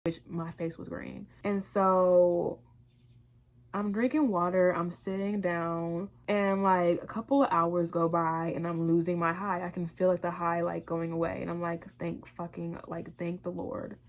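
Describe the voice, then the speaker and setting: A young woman vlogger telling a casual, animated storytime, full of swearing and acted-out quotes. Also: on the low side, measured pace. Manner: animated, profane, quoting herself in voices.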